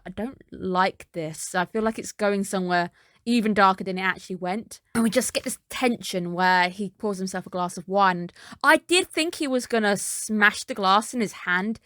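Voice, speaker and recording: A woman's voice: medium pitch, a bit bright, no room sound, clean studio sound. Chatty woman recapping an anime episode. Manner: chatty, with skeptical asides. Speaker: anime reviewer. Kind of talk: casual episode recap and commentary.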